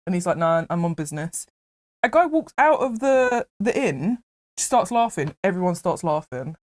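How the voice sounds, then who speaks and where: Casting: woman, chatty film retelling, very expressive swooping pitch, laughs a lot. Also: normal speed. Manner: animated, laughing, acts out quotes. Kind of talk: casual movie retelling.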